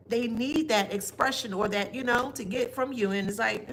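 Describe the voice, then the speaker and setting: Blunt, emphatic woman with a high-ish voice. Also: moderate pace, fairly bright tone, slight background noise. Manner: emphatic and blunt, with mocking asides. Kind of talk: casual spiritual reading to viewers.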